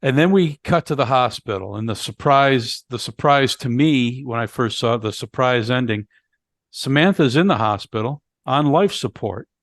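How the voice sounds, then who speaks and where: Chatting casually about a film, a podcast co-host retells its plot in sequence, restarting often and using plenty of fillers. His medium-pitched voice is animated and moderately paced, and the studio recording is clean with no room sound.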